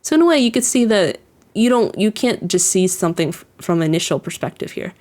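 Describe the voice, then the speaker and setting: Her mid-range, darkish voice is very animated and brisk as she comments casually on an anime episode. She keeps restarting, leans on "like," and laughs softly while recounting scenes.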